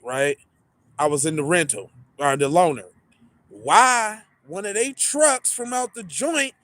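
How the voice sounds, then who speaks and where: A man casually telling a story, animated and full of swearing, acting out the people in it. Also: sits high, dry recording. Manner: animated, profane, acts out the people in his story. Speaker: podcast storyteller.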